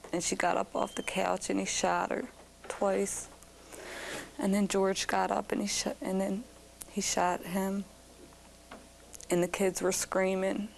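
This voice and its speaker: A young woman with a Baltimore accent recounting being held hostage in a slow, shaken, subdued news interview. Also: medium pitch, vocal fry, a little mellow, slight background noise, low-quality recording. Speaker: former hostage recounting ordeal.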